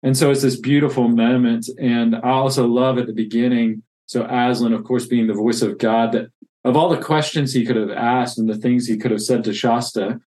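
A man's voice: mid-range voice, steady tone, moderate pace, a little mellow. A man who plants churches reads from a classic novel and reflects earnestly on faith. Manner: earnest, reflective, with many restarts.

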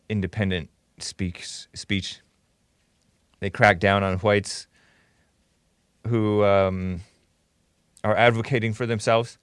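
A man's voice: lowish voice, a bit bright, smooth, no room sound, clean studio sound. A man hosting a live call-in commentary show, talking casually and sarcastically as he thanks viewers. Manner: thanks viewers and reads donations aloud.

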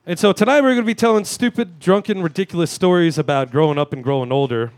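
Man, thirties, live comedy host, crude self-mocking monologue, slightly high voice, dry close sound. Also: fast talker, no echo. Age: 30s. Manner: crude, self-mocking, bursts into shouted rants. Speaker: talk show host. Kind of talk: stand-up style monologue. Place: live venue stage.

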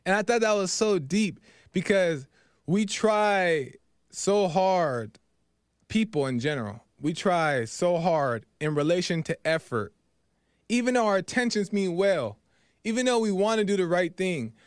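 A man's voice: high-pitched, lively intonation, unhurried, no echo, studio quality. Earnest man retelling a parable. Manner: earnest, repeats himself, filler "right?". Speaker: podcast host. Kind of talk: storytelling reflection.

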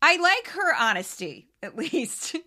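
A woman's voice: high voice, very animated, measured pace, bright, forceful tone. A woman from St. Louis with a Southern-Midwestern accent, hosting a podcast and chatting candidly about news clips. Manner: candid, chatty, laughs often, self-aware asides. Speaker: podcast host. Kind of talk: casual commentary on news clips.

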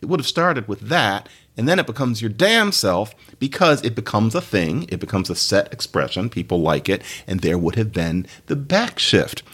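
A man's voice: on the low side, big pitch swings, normal speed, hardly any pauses, a bit bright, breathy edge. A man hosting a podcast, giving a casual solo talk on language with chatty, laughing asides. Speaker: podcast host, linguist.

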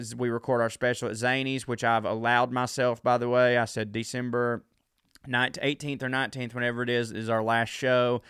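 A man's voice: medium pitch, a bit bright, smooth, dry recording, clean studio sound. A man, hosting his own podcast as a comedian and rambling in a self-mocking way with lots of fillers. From Southern US. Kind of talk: casual solo podcast chat.

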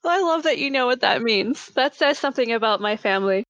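A woman in her thirties with a high, nasal voice chats as a podcast co-host. She talks in a self-mocking, animated way. The sound is dry and close, with no room around it. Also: fairly quick, dry recording, lo-fi sound. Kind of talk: casual chat.

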